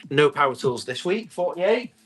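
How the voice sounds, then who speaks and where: A man, selling tools on a live stream, chatty and quick to describe each item and call out the bids. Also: a little high, lively intonation, music in the background. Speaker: live auction seller.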